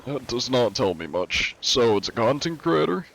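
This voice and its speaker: A man's voice: mid-range voice, sing-song, moderate pace, gravelly, a bit bright. A man streaming a game live in a casual, laid-back way, reading chat aloud, answering it and using many "uh" fillers. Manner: frequent "uh" fillers.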